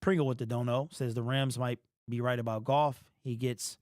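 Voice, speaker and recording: A man hosting a sports fan livestream, tired and emotional, his frustrated talk rising into shouted rants. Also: mid-range voice, fairly even intonation, moderate pace, dry recording, clean studio sound.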